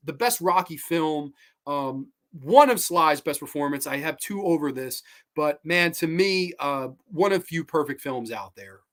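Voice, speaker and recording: A young man hosts a casual movie talk, talking eagerly and loosely with many fillers and restarts. His voice sits a little high for a man. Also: fairly bright tone. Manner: enthusiastic, rambling, many fillers; hums and sings snatches of film music. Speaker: host.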